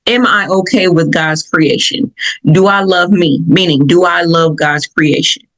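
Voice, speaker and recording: A woman from Michigan with a Southern accent, hosting a podcast and telling personal stories in an animated way, laughing often. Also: lowish voice, a little slow, poor audio. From Michigan, USA. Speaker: podcast host. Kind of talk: personal reflective talk.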